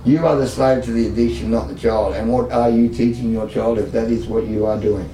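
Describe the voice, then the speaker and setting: Aussie bloke, middle-aged, blunt and cheeky, mellow low-ish voice, kinda far off in a roomy echoey space. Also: male voice, fairly even intonation, fairly quick. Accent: Australian. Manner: blunt, emotional, self-mocking humor. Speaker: service user guest. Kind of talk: candid conversational storytelling. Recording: echoey room, distant mic, faint background noise.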